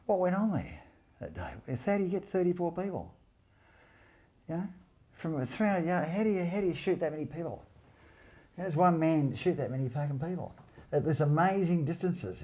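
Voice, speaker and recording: Blunt, halting older man. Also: on the high side, expressive, warm tone. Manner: halting, blunt, many restarts. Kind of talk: casual recollection.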